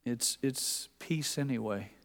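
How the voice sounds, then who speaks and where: An older man preaching a sermon to his congregation, conversational in tone with dramatic shifts from quiet to loud. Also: mid-range voice, slow. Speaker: pastor. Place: church sanctuary. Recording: long hall reverb.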